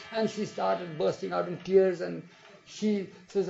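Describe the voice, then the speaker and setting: A gravelly older man tells a story in a relaxed, talky way, with a somewhat high but dark, mellow voice. The dull lo-fi tape recording has a faint hiss behind it. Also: measured pace. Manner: conversational, often adds "you see" and "mind you". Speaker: speaker recounting memories to a hall audience. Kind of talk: informal storytelling talk.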